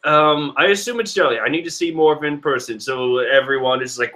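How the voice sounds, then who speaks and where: A man's voice: medium pitch, fairly quick, hardly any pauses, pushed and bright. A man casually reading through a comic chapter aloud, joking and sarcastic with frequent laughs. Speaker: manga reader commentator.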